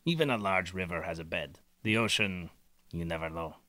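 Deep bright-toned guy playing in a tabletop game, dry, matter of fact. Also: normal speed, no echo. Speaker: player. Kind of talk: in-character tabletop play.

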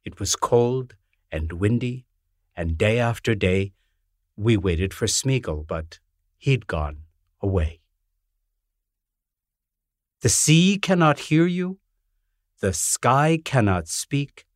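Slow, lilting man reading a rhyming storybook. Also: fairly low pitch, expressive, no echo, clean studio sound. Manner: gentle, lilting rhyming delivery. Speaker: author reading his book. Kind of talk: children's book reading.

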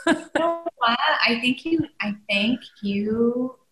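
A woman's voice: on the high side, animated, takes it slowly. A woman life coach who is a guest on a podcast and talks in a reassuring, encouraging and direct way. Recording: roomy echo.

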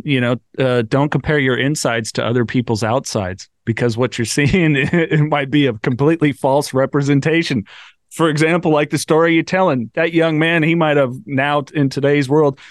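A man hosting a podcast, talking in a relaxed, conversational way with some fillers during an interview. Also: mid-range voice, no room sound, studio quality. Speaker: podcast host. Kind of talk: casual interview chat.

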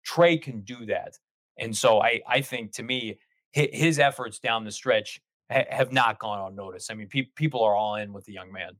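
A man in casual sports podcast chat, talking in long animated run-on stretches as a guest host. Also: fairly low pitch, normal speed, no echo.

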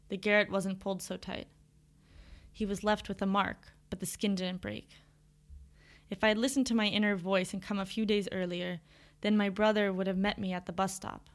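A woman reading a first-person story aloud in a measured, reflective audiobook narration. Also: mid-range voice.

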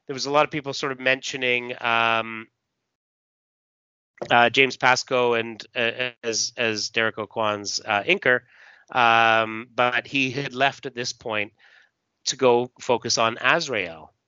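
A man's voice: medium pitch, steady tone, unhurried, sharp tone, clear, resonant tone, no echo, muffled recording. A man hosting a casual podcast, recapping a comic with many fillers and reading the panels aloud. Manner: hesitant, many fillers, acts out dialogue.

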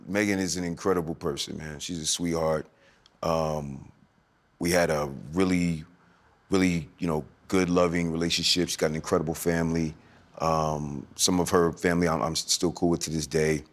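A man in his forties speaking as a podcast guest, with a soft, smooth and melodic way of talking. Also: a bass voice, fairly even intonation, moderate pace. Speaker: guest, former NFL running back turned actor. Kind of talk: podcast interview.

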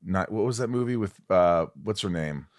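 A man hosting a casual interview, his voice rising and falling in animated swings. He asks probing questions and tells anecdotes of his own with easy energy. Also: low-pitched, moderate pace. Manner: probing, lively questioner and storyteller. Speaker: podcast host, actor.

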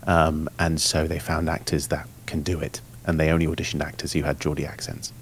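A man's voice: very deep voice, little pitch movement, fairly quick, slight background noise. A man, a guest on a casual podcast, chatting with enthusiasm and many fillers. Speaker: guest voice actor.

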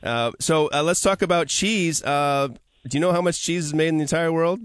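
A man's voice: a little high, a little fast, clear, resonant tone, no echo. A man hosting a casual radio talk show from a studio, upbeat and chatty, laughing easily. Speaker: radio host.

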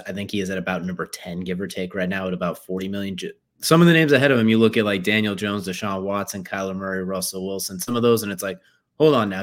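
Man, sports co-host, fast and conversational, a bit low in pitch. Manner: conversational, reasoning aloud, uses "like" fillers. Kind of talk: casual sports talk.

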